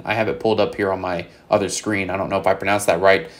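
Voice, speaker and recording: A man's voice: sits low, little pitch movement, fast talker. Hype, profane young man breaking down a deck. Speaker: card game content creator.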